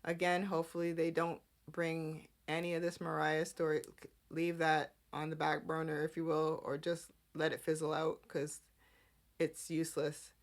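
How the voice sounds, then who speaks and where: A woman's voice: low-pitched, completely flat delivery, normal speed. A woman hosting a podcast, chatting casually through a soap opera recap and acting out the characters' lines. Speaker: podcast host.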